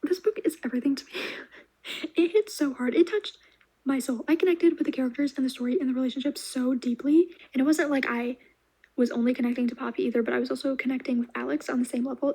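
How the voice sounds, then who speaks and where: A young woman chatting through her monthly reads in a quick, high voice. Her tone is soft and mellow with a breathy edge. She gushes with animated enthusiasm and slips into quiet asides. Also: rough recording. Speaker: book reviewer. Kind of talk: casual reading wrap-up vlog.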